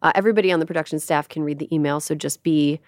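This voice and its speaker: A woman hosting a podcast in casual chat, wry and emphatic with quick asides. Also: sits low, no echo, studio quality. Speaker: podcast host.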